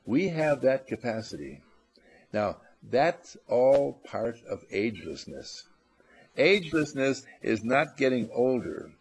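A man's voice: mid-range voice, sing-song, takes it slowly, slightly rough. A man giving an inspirational talk, playful, acting out little scenes and repeating phrases for emphasis. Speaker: motivational speaker.

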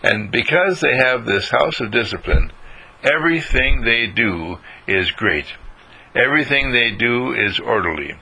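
Older guy with a gravelly husky voice, bright edge, folksy storytelling talk. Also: mid-range voice, expressive, measured pace, low-quality recording. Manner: folksy, acts out little scenes. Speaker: speaker giving a moral talk. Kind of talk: storytelling lecture.

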